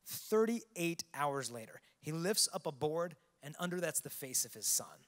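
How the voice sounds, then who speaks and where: A man giving a keynote to a large youth conference, preaching with earnest storytelling that swings between hushed and loud. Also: fairly high pitch, expressive, moderate pace. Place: large arena with long reverb. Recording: long hall reverb.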